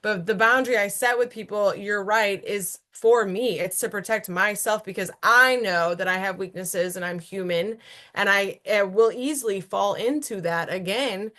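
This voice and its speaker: A woman's voice: medium pitch, normal speed, sharp tone. A woman in her thirties, a guest on an interview podcast, talking earnestly and animatedly, often checking in with "right?". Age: 30s. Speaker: guest entrepreneur. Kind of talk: casual interview chat.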